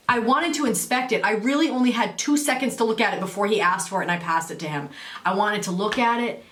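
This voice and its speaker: Animated woman telling a story, echoey room. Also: fairly high pitch, quick pace. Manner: animated storyteller who acts out her own quotes. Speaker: co-host. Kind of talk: casual chat.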